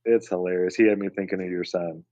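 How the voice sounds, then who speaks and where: A man co-hosting a podcast in casual chat, telling stories with animated, lively delivery. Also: quick pace, lo-fi sound, a little hiss or hum. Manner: animated storyteller, mimics people in high voices. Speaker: podcast co-host.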